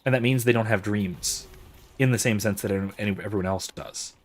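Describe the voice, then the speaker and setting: A man with a slightly low voice talks through his gameplay, reading chat messages aloud and working out his thoughts as he speaks. He circles back and restarts sentences as he ponders each idea. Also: a little fast, a little hiss or hum. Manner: musing, thinks aloud with frequent restarts. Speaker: host of a let's-play and discussion series. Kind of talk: livestream commentary while gaming, reading out chat.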